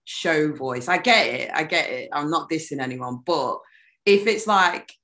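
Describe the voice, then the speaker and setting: A young woman musician chatting as an interview guest, animated and laughing often, often trailing off mid-sentence. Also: low voice, measured pace. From United Kingdom. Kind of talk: casual interview chat.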